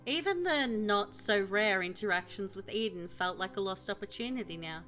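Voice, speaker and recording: A woman streamer narrating a visual novel aloud in an expressive, dramatic storytelling manner. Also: medium pitch, normal speed, over music.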